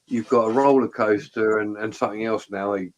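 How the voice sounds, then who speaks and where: A man's voice: fairly low pitch, steady tone, a little fast, poor audio. Joking man swapping stories. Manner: joking, swears, chatty storyteller. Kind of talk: casual chat.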